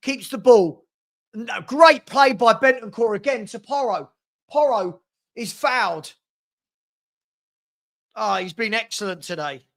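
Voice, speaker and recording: A man calling a football match as a fan at home. His commentary is partisan and excitable, getting loud at big moments. It sounds like a casual stream from a home room. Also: sits high, measured pace, pauses often. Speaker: fan watch-along commentator. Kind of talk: live match watch-along commentary.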